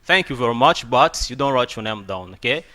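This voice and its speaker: A man's voice: mid-range voice, expressive, brisk. A man hosting a radio English lesson, emphatic and preachy, tagging nearly every sentence with "okay?". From Democratic Republic of Congo. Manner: emphatic, preachy teacher, often gets louder to stress a point. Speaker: English teacher and radio host.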